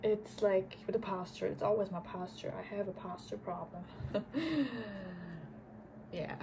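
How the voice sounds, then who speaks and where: A woman's voice: mid-range voice, flat delivery, measured pace, creaky, very noisy. A woman chatting casually while reacting to an album, musing aloud and sometimes dropping to a whisper. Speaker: music reaction host.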